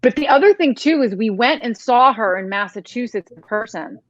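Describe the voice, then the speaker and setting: A woman's voice: on the high side, animated, normal speed, no echo. Earnest woman host, dry and muffled lo-fi recording. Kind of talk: casual interview chat.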